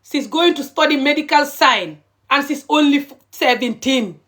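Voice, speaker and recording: A woman's voice: high-pitched, moderate pace, a bit bright. A middle-aged woman, ranting passionately and indignantly to viewers on a live stream, repeating her points.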